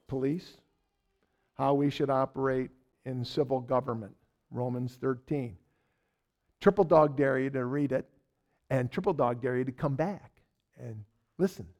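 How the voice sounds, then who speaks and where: A man teaching a verse-by-verse sermon in a folksy way, with loud stresses and soft asides, repeating words as he searches. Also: mid-range voice. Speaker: Bible teacher.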